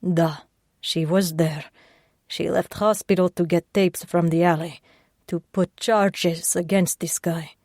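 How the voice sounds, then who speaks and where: A woman voicing a gruff, protective man who speaks in clipped, broken English. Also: lowish voice, fairly even intonation, slow, a little mellow, dry recording, studio quality. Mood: gruff, tender.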